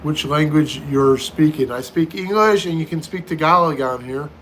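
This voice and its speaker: Middle-aged man, livestream host, reads and answers chat comments; slightly high, bright, forceful voice. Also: normal speed, a little hiss or hum. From United States. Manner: reads viewer comments aloud and answers each one.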